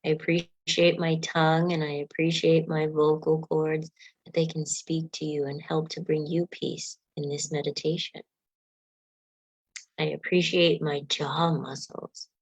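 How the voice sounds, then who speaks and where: Woman meditation guide, lower voice, dry close sound, soft unhurried coaching. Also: little pitch movement, husky, no room sound, low-quality recording. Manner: leads yawning and stretching exercises.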